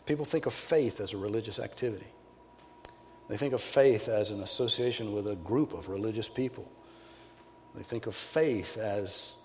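A male preacher giving a sermon, emphatic, rising to loud peaks and then dropping low. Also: a little hiss or hum. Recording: long hall reverb, faint ambience.

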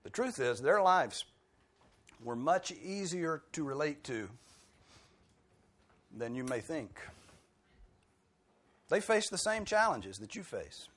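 A man's voice: fairly high pitch, big pitch swings, slow pace, pauses often, a bit bright. Conversational man preaching a sermon. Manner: conversational, with rhetorical questions and dry humor.

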